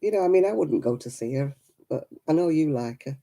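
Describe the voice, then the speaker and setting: Lancashire lady with a cough, mellow voice, natters away to her chat and giggles a lot. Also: low-pitched, animated, fairly quick. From Lancashire, England. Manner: chatty, giggly, addresses viewers by name. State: coughing, rough throat. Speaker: crafting livestream host. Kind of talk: chatty live stream, reading chat.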